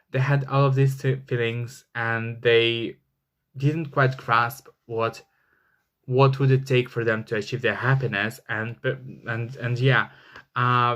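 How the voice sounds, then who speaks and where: A man's voice: medium pitch, fairly bright tone, dull audio. Guy rambling through a tarot reading, lots of um and like, gets heated and swears. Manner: rambling, many fillers, flares into angry swearing. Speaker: tarot reader. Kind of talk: casual tarot reading vlog.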